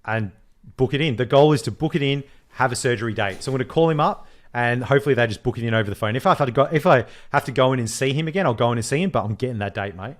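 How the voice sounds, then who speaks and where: A man co-hosting a podcast in casual chat, animated, swearing freely and mimicking others as he tells stories. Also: mid-range voice, very fast. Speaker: podcast co-host.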